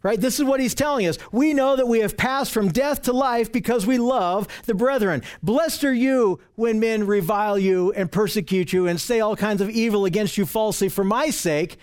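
High-voiced man preaching a Bible sermon. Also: normal speed, few pauses, darkish tone. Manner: earnest, asks rhetorical questions, repeats "right?". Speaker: pastor. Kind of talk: expository Bible teaching sermon.

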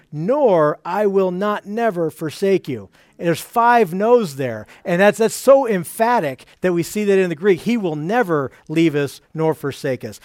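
A man's voice: fairly high pitch, a little mellow, no room sound, clean studio sound. A man preaching a sermon, explaining scripture earnestly with frequent restarts.

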